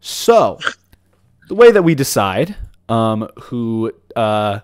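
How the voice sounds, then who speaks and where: A man's voice: medium pitch, very animated, slow, smooth, no echo. Young male podcast host, rambling casual delivery, dry close-miked sound. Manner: rambling, restarts a lot, laughs easily. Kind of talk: casual chat.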